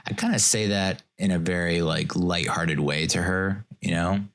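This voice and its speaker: A man's voice: low voice, moderate pace, fairly bright tone. A man hosting a casual solo podcast, rambling and joking, often chuckling as he talks. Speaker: podcast host.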